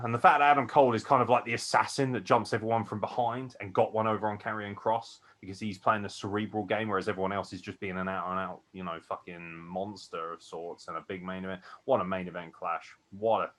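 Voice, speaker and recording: A tired man co-hosting a wrestling podcast, gushing excitedly and swearing a lot as he rambles. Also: on the low side. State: tired from no sleep. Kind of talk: excited casual chat.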